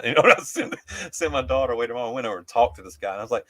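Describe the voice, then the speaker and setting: A man's voice: mid-range voice, animated, fast talker, a bit bright, no echo. A man co-hosting a casual chat, telling long stories full of fillers and restarts and laughing often. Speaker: co-host.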